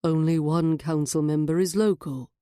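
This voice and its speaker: A woman voicing a reserved man who explains things quietly and matter-of-factly. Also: on the high side, steady tone, normal speed, smooth, no room sound, clean studio sound, lightly acted. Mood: explaining.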